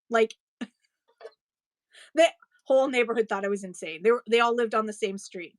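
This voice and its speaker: Her voice sits a little high, with no room sound in the recording. She's a live-stream seller in her forties who chats while displaying her items, digressing often and quick to laugh.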